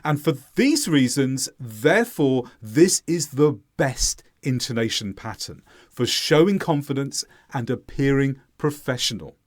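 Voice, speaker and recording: A man teaching an English lesson, speaking clearly and deliberately with lively intonation. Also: medium pitch.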